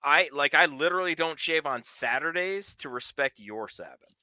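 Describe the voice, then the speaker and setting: A man's voice: a little high, expressive, normal speed, bright, forceful tone, dry recording. A man in his forties co-hosting a live sports talk show, telling stories with crude, brash jokes. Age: 40s. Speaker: co-host. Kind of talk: casual chat.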